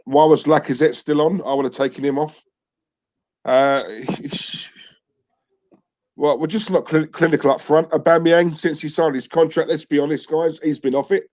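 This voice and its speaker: Bloke hosting a footy chat, blunt and honest, sighs a lot, muffled lo-fi audio. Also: male voice, on the high side, steady tone, moderate pace, darkish tone. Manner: frank, repeats "let's be honest", sighs. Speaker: fan channel host. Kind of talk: casual football chat. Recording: dull, lo-fi sound.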